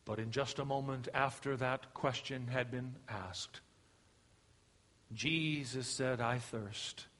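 A middle-aged man preaching a sermon, swinging from emphatic rises to hushed, slow passages. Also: medium pitch. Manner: emphatic preaching, rising and dropping to a hush. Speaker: pastor. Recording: long hall reverb.

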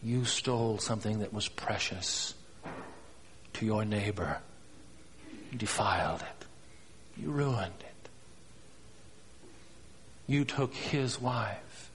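Give me a man as a grave prophet, low and slow, near a whisper. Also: a bit bright, a little hiss or hum. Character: stern male prophet rebuking a king. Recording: long reverb.

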